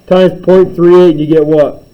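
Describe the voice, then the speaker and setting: A man's voice: high-pitched, little pitch movement, moderate pace, highs cut off. A man teaching a math class, spinning playful, teasing story problems about his students.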